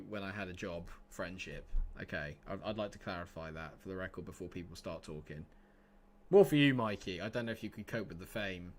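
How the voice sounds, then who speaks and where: Low-voiced man streaming, exasperated banter. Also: slight background noise. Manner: banter with chat, sudden exasperated outbursts. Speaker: streamer playing a football management game. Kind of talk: casual livestream commentary.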